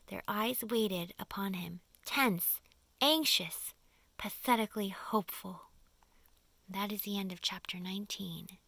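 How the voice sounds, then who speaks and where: A woman's voice: mid-range voice, a little slow, creaky, fairly bright tone, slightly rough, no room sound. A woman reading a children's audiobook expressively, dropping to a whisper for suspense. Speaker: audiobook reader.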